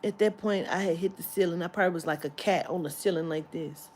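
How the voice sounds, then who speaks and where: A woman's voice: on the low side, fast, a little mellow, a little hiss or hum. A woman vlogger telling a story in a heated, profane rant that breaks into laughter.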